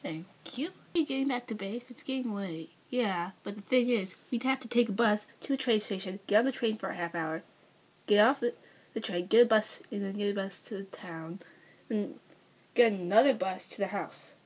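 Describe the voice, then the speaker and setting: A woman improvising plush-toy play acting, bossy and teasing, swinging from loud orders to mumbles. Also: medium pitch, moderate pace, husky.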